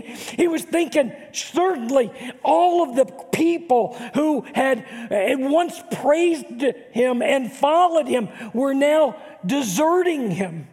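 Earnest older man preaching a sermon. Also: very high-pitched. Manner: earnest, repeats words for emphasis, rises to near shouting. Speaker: pastor. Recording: long hall reverb.

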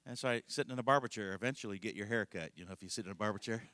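Man, pastor, folksy rambling sermon, lower voice, dry close sound. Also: very fast, pushed and bright, dry recording. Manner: rambling, folksy storytelling with frequent laughs and restarts. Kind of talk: conversational sermon.

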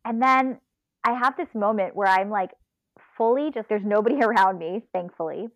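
A woman telling a long personal story in a casual, animated way, laughing and acting out her own inner voice. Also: medium pitch, normal speed, no room sound. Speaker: podcast guest, ultrarunner.

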